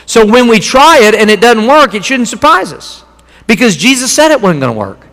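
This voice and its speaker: Folksy high-voiced male preacher. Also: big pitch swings, normal speed, a bit bright. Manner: folksy, conversational preaching with repeated phrases. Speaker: pastor. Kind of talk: sermon. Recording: long hall reverb.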